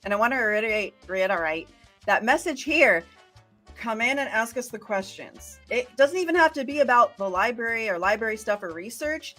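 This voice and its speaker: A woman librarian co-hosting a casual livestream, chatty and quick to laugh, asking viewers questions. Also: a little high, expressive, a bit bright, faint music behind. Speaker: librarian co-host.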